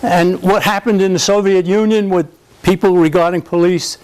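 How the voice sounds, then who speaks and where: In a country club function room, an older man addresses a political society's live audience informally, rambling and often restarting his sentences. The rough recording captures a high-pitched, darkish voice with a steady tone at normal speed.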